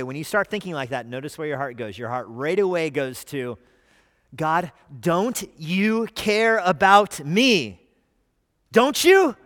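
A pastor with a fairly high male voice delivers an animated sermon in a church sanctuary. His voice jumps up sharply when he acts out frantic pleas, then drops back to a conversational tone. The sound carries a long hall reverb. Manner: animated, voice leaping up when quoting cries.

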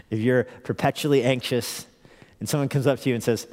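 A man's voice: mid-range voice, normal speed, darkish tone. A man preaching a conversational sermon as pastor, earnestly asking the congregation rhetorical questions and repeating phrases for emphasis. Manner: repeats phrases for emphasis, chuckles now and then. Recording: long hall reverb in a church.

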